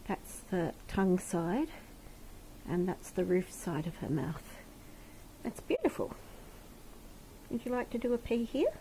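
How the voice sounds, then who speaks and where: A woman's voice: medium pitch, big pitch swings, unhurried, long pauses, dark tone, slight background noise. An Australian woman who cares for wildlife, cooing tenderly to a rescued animal with pet names, indoors at home. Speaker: wildlife carer.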